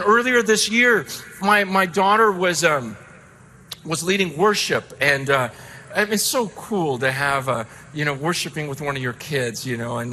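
A middle-aged man preaching a sermon, telling a story with emphatic swings between loud excitement and hushed intensity. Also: fairly high pitch, slight background noise. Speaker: pastor.

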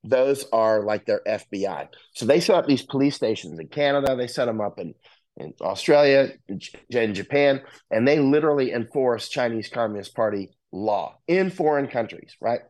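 A man's voice: medium pitch, expressive, moderate pace, a little mellow, poor audio. A man talking casually and explaining at length, often checking in with "right?" and "you know".

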